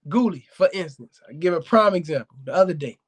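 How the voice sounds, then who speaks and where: A man hosting a casual live-stream chat about his dogs, animated and preachy, often calling out to viewers. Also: high voice, brisk, slightly rough. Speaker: dog kennel owner hosting a live talk show.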